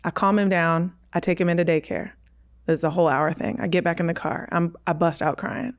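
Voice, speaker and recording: A woman's voice: fairly low pitch, steady tone, fairly quick. A woman in her thirties, a podcast guest, telling a personal story candidly and with emphasis, acting out her own quoted words.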